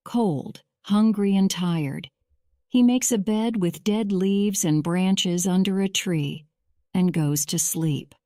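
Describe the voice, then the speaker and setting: A woman reading a simple storybook aloud for English learners, clear and deliberate. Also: medium pitch, warm tone, no echo, studio quality. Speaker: narrator. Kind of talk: slow scripted story narration for English learners.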